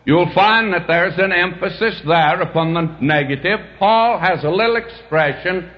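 A man preaching a sermon, slow and emphatic with dramatic swings in pitch. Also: highs cut off.

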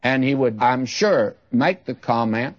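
A man's voice: mid-range voice, lively intonation, measured pace, dry recording, dull audio. A man teaching through the Bible in a folksy, conversational way, speaking straight to the listener. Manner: folksy, direct address to listener.

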